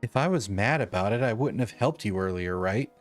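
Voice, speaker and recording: A streamer voicing a calm shapeshifting god from a video game, speaking lower and easy, with a reassuring tone. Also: fairly quick, faint music behind, close to an everyday voice.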